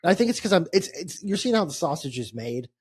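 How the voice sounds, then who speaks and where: A man co-hosting a casual sports podcast, talking in quick, rambling bursts and swearing casually. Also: on the high side, sing-song, breathy edge. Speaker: podcast co-host. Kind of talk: casual chat.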